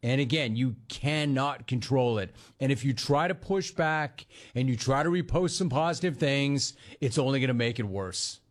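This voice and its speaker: A man's voice: medium pitch, normal speed. A man hosting a sports talk radio show, delivering an emphatic monologue that repeats lines for effect and talks bluntly to the listener. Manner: addresses listener directly and bluntly.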